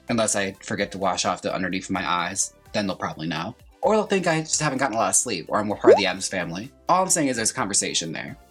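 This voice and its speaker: Husky-voiced campy drag queen vlogger. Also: fairly low pitch, a bit bright. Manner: chatty, campy, theatrical asides. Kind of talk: casual makeup tutorial chat.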